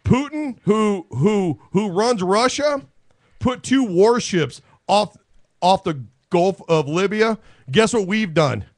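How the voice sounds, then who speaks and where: Brash male talk host, higher voice, very animated delivery. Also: takes it slowly. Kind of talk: casual political banter.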